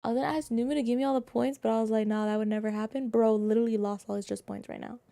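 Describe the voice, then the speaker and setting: Racing along in a fairly high, creaky voice, a young woman chats with viewers during a live game stream. Excitable and playfully indignant, she bursts into squeals. The sound has no room around it.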